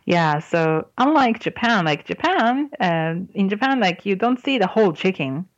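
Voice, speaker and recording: A woman's voice: medium pitch, lively intonation, a little slow, no echo, highs cut off. A woman hosting a podcast who tells a joke in casual chat, laughing often and stopping to explain words. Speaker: podcast host.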